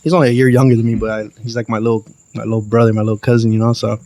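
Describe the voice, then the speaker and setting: A young man, a podcast guest telling a wild story in a lively, profane, slangy way. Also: fairly low pitch, racing, no room sound. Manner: animated, profane, slangy storytelling with acted quotes. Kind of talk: casual storytelling.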